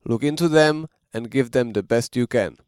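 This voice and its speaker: A man's voice: medium pitch, normal speed, a little mellow, clear, resonant tone, no room sound, clean studio sound. A man teaching a language lesson, explaining carefully and modeling sounds for the listener to repeat.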